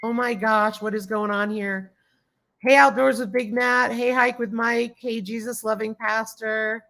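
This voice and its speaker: Fairly high-pitched and a bit bright, this host speaks a little slowly with fairly even intonation. On her casual stream she greets viewers by name, reads the chat aloud, and overflows with gratitude.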